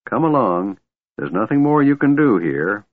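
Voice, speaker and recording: Man doing a gentle old wizard, soft-spoken, kindly, dry phone-like audio. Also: medium pitch, lively intonation, moderate pace, no echo, pitched above the performer's own voice, natural voice.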